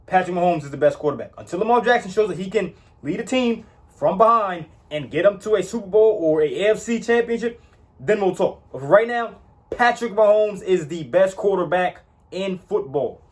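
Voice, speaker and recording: A man's voice: high-pitched, lively intonation, moderate pace. A man giving casual football opinions, emphatic and repetitive, often tagging "all right?" onto his points. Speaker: sports commentator. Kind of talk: casual sports opinion talk.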